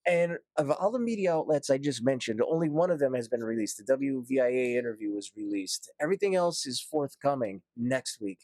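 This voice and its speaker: A man guests on a casual podcast, talking with eager enthusiasm and reeling off lists. His voice sits at a middle pitch, and the sound is close and dry. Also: lively intonation, fairly quick, few pauses, darkish tone, no room sound. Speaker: podcast guest, barber shop owner.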